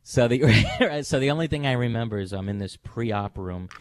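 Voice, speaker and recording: A man's voice: mid-range voice, moderate pace, no room sound. Middle-aged man hosting a call-in radio show. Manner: animated storyteller, acts out quoted voices. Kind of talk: casual on-air chat.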